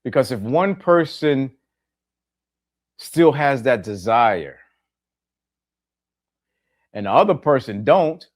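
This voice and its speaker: This middle-aged man's mid-range voice is animated yet unhurried, broken by frequent pauses. Hosting his podcast, he delivers a plainspoken, reflective monologue, repeating important phrases and questioning his listeners directly.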